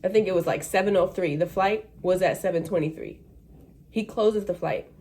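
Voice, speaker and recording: A woman's voice: on the low side, normal speed. A woman, a flight attendant, telling a story in a casual ranting vlog and acting out the people in it. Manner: animated, acts out voices of people in the story. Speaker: vlogger.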